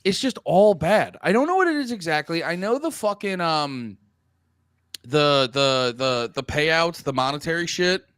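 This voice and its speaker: Thirties male podcast co-host, fairly high and very lively delivery, rambling and profane, dry close sound. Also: moderate pace, smooth, dry recording. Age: 30s. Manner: rambling, animated, swears a lot, stammers on restarts. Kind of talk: casual chat.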